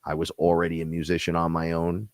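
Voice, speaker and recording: A man hosting a casual spiritual talk show, telling stories in a rambling, profane, animated way. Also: low voice, fast talker, no echo. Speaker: host.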